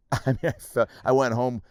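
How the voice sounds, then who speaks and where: A man who hosts a podcast, telling stories in casual, profane chat and jumping between scenes in a quick, animated way. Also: mid-range voice, over a noisy crowd. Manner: animated, profane, rapid storytelling. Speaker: podcast host, comedian.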